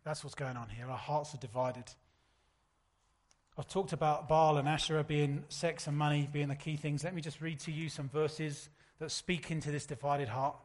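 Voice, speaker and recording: A man, preaching a sermon in a relaxed, storytelling way. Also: fairly high pitch, moderate pace. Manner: conversational, anecdotal preaching. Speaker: pastor.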